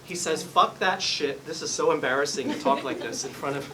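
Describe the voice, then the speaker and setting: A man's voice: a little high, fairly even intonation, fast talker, distant mic, crowd noise, low-quality recording. A man working as a psychic medium, giving a live reading in a salon and politely apologizing as he relays messages. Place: hair salon, indoors.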